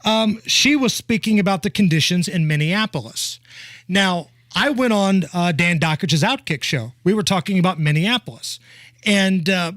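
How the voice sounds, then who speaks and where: A man hosts a conservative talk radio show, speaking into a studio microphone with a blunt, joking, scoffing manner. His voice sits high and a bit bright, with lively intonation at a moderate pace, in a dry recording.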